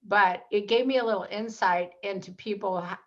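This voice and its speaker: A woman appears as a guest on an interview show, telling stories in a casual, energetic way and performing the voices of the people in them. Her voice is mid-range in pitch and she talks at a moderate pace, with dull, slightly lo-fi audio.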